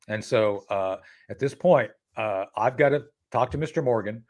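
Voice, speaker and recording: A man speaking as an interview guest, telling a story in a casual, animated way, acting out the dialogue and restarting his sentences often. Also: on the low side, moderate pace.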